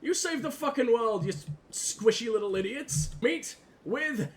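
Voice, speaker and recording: Very high-pitched and lively in intonation, a man delivers gameplay commentary at a moderate speed. He mocks the game crudely, cursing nonstop and answering back to whoever is on screen.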